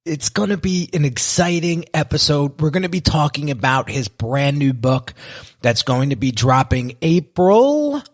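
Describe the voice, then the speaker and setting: Hyped-up husky podcast host. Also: male voice, on the high side, sing-song, a little slow. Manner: hyped, enthusiastic. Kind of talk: podcast interview.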